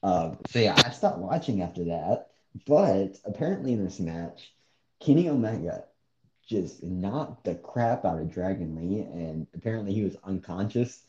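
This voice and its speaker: In an echoey, dull-sounding room, a man co-hosts a casual podcast chat with a low, expressive voice at a moderate pace. He is blunt and dismissive and often laughs at what he describes.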